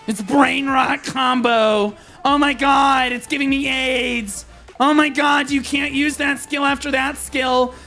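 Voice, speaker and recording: A man's voice: little pitch movement, takes it slowly, bright, forceful tone, soft background music, heavily acted. A man putting on the voice of a nitpicking chat viewer, whining in an exaggerated mocking way. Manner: shrill, exaggerated mocking whine.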